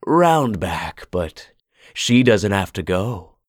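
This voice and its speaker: Guy putting on a creepy old store owner, hoarse, slow drawl, dry audio. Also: fairly low pitch, sing-song, dry recording, heavily acted. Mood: eerie, knowing. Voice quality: hoarse, drawling country speech. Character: hoarse old man running a country store, eerie.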